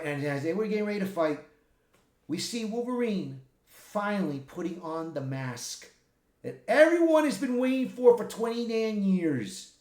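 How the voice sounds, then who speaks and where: Male reviewer, casual recap, high and very animated, roomy echo. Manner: animated retelling with loud, high character impressions. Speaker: movie reviewer. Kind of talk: casual spoken movie recap.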